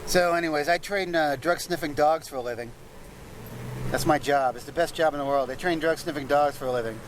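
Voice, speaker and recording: Deadpan man doing street stand-up. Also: a little high, fairly quick, rough recording. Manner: deadpan, muttering asides between jokes. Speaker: street comedian. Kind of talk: stand-up one-liners. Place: outdoors on a city street. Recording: street recording with loud traffic noise. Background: traffic noise, passing vehicles.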